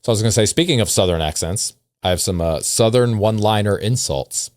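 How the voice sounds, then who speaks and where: A man's voice: on the low side, brisk, darkish tone, dry recording, studio quality. A man hosting a casual podcast, rambling and wry, with self-deprecating asides. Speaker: podcast host.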